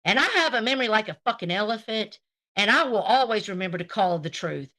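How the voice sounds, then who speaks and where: This streamer speaks fast in a mid-range voice that is expressive, bright and forceful. She addresses her chat with greetings and a confrontational, foul-mouthed, sarcastic rant aimed at a rival.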